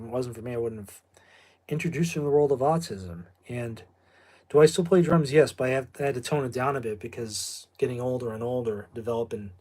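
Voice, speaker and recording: A man's voice: mid-range voice, a little mellow. A middle-aged man with a New England accent, chatting casually and drifting off on tangents. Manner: rambling and digressive, with asides and laughs. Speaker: video host. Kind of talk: casual chat.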